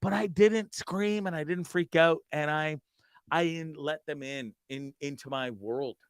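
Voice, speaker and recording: A male host spins a loose, profane story, tripping over restarts as he goes. His voice is smooth and clear, recorded close and dry. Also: fairly high pitch, measured pace, no echo. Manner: rambling, profane, stammering restarts. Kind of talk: casual storytelling.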